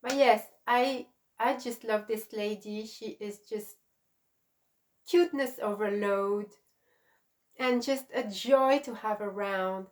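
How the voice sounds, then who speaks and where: A middle-aged woman hosting a crochet channel, chatting casually and gushing with emotion as she gives shout outs. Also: mid-range voice, slow. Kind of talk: casual vlog chat.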